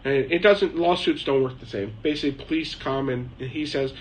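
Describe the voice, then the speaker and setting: A man's voice: mid-range voice, brisk, a little hiss or hum, poor audio. A man hosting a casual live chat from his shed, answering viewer questions in a rambling, chatty way with frequent laughs. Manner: rambling, chatty, laughs often, mimics people.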